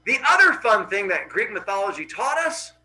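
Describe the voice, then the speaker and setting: A man's voice: sits high, big pitch swings, normal speed, pushed and bright, poor audio. A male teacher dramatically retelling a Greek myth to his class in a casual, playful way. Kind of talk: animated classroom storytelling.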